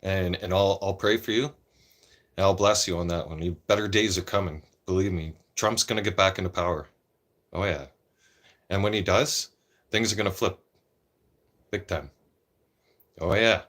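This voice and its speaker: A man's voice: sits low, fairly bright tone. A man ranting casually and opinionatedly to camera, rambling and repeating himself and tagging lines with "right?". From Canada. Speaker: vlogger. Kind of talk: casual political rant.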